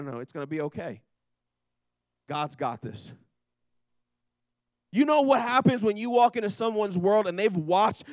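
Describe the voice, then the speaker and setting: A man's voice: sits high, no room sound, muffled recording. A man preaching a sermon in a loose, conversational way, acting out the scenes he tells in quoted voices. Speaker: pastor.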